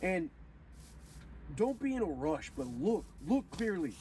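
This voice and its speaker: A man's voice: a little high, big pitch swings, a little slow. Young man, rambling casual monologue, preachy and profane, heard from a distance, noisy crinkling background. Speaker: gaming video host. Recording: distant mic with clear background noise.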